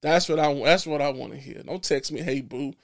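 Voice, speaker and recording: A man with a gravelly, fry-edged voice, pitched a little high for a man, holds forth in a casual podcast chat. He talks bluntly and drops profanity freely. He is emphatic and preachy, and he stumbles and restarts his phrases as he goes. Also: brisk. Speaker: podcast guest.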